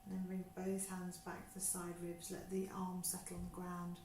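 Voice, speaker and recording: A woman yoga teacher calmly guiding a breathing exercise, speaking slowly and soothingly. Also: lowish voice, slight background noise. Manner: slow, soothing guidance. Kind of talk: guided breathing instruction. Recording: echoey room with faint ambience.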